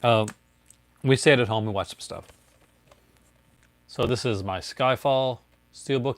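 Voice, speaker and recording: A man's voice: medium pitch, a little slow, pauses often, no room sound. A man chatting casually as he shows off his disc collection, rambling, laughing often and greeting viewers by name. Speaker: collector showing his discs. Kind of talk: casual livestream show-and-tell.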